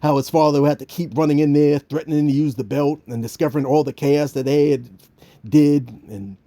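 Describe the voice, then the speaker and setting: A man giving casual, joking devotional commentary in an animated way, with many restarts. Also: fairly high pitch, brisk. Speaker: vlogger.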